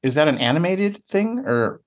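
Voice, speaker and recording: A man's voice: a little high, animated, moderate pace. A man co-hosting a podcast in casual chat, laughing often and reacting playfully. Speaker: podcast co-host.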